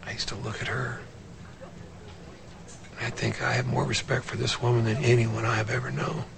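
An anguished, gravelly married man. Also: mid-range voice, little pitch movement, normal speed, a crowd in the background. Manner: soft, pleading, breaking into hushed confession. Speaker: married dentist confessing to his lover. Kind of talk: film drama acting.

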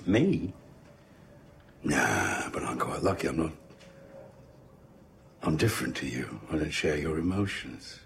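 A man doing a deep, cold, soothing talker. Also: gravelly, background noise, exaggerated voice. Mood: coaxing. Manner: slow, calm, intimate. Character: cold, composed middle-aged man, menacingly soothing.

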